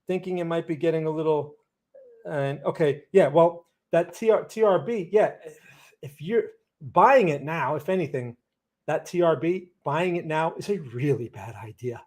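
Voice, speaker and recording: A man's voice: a little high, normal speed, darkish tone. A man with an American accent hosting a live market analysis stream, blunt and cautionary, often repeating words as he answers viewers.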